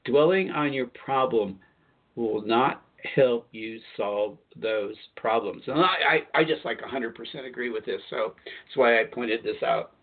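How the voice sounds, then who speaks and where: A man's voice: medium pitch, measured pace. A man hosting a spiritual call-in radio show, talking in a rambling, chatty way and often correcting himself mid-sentence. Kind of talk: casual spiritual talk radio monologue. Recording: tinny phone-line sound.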